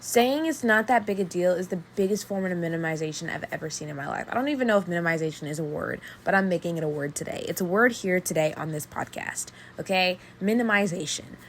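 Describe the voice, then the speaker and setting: A woman's voice: lowish voice, animated, quick pace, few pauses, slight background noise. A young woman hosting her own podcast, speaking earnestly and emphatically about her own life, often repeating phrases for weight. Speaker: podcast host. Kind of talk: personal solo podcast talk.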